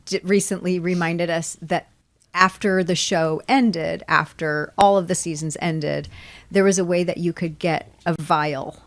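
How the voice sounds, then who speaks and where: A woman's voice: fairly low pitch, fairly even intonation, a little slow, dry recording. A woman co-hosting a casual TV recap podcast, chatting and running through episode details with easy fillers. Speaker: podcast co-host.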